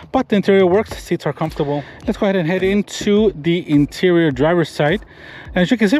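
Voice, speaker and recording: Walking around and then sitting in a pickup truck, a man from Florida reviews it for his car vlog in a mid-range, slightly mellow voice. He points out details with enthusiasm, though he rambles and keeps restarting sentences.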